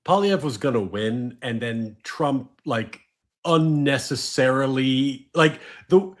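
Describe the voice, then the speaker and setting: Podcast host guy, mid pitch, just chatting, reading off chat comments. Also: slow pace. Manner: conversational, reads chat messages. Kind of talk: casual political chat.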